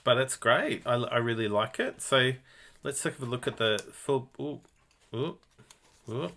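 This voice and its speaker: A man's voice: medium pitch, a little slow, bright, forceful tone, slight background noise. A man co-hosting a live craft stream, easygoing, narrating each step and reacting to viewer comments. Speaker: craft demonstrator co-host. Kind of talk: casual live craft demonstration.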